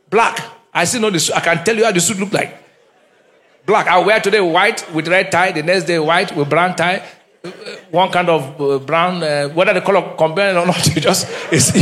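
Middle-aged man, pastor; animated sermon with call-and-response and Pidgin asides, high, lively pitch. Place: church.

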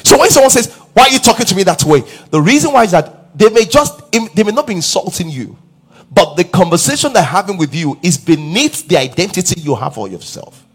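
Husky preacher man, lively pitch. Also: brisk. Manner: emphatic preaching with call-and-response questions and rising shouts. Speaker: pastor. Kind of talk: sermon.

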